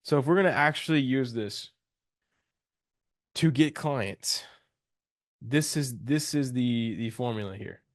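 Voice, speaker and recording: A man's voice: mid-range voice, measured pace, long pauses, no echo, studio quality. A young man coaching on a live call, loose and slangy, talking with enthusiasm and restarting his sentences.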